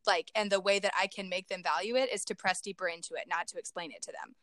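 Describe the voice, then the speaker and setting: A woman's voice: mid-range voice, quick pace, hardly any pauses, fairly bright tone, no room sound, clean studio sound. A young woman in casual reflective chat, talking things through with many fillers.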